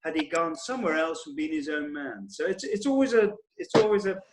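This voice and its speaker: A man with a fairly high speaking voice recounts old cricket stories in easy panel chat. He drops into quoted voices as he goes, and the recording carries a noticeable room echo. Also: fairly quick, heavy background noise. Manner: anecdotal, quotes others in lively voices. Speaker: former cricketer, guest. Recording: roomy echo.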